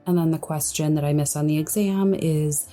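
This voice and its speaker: A young woman hosting a solo podcast, speaking in a quiet, breathy, hushed voice as she gives advice. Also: low-pitched, fairly even intonation, normal speed, soft background music. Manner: hushed, soft-spoken, friendly. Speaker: podcast host.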